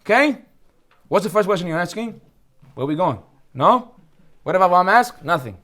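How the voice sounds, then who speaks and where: A rabbi from Brooklyn with a Brooklyn accent, teaching a lively Torah class, joking and firing off rhetorical questions. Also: male voice, high-pitched, brisk. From Brooklyn, United States.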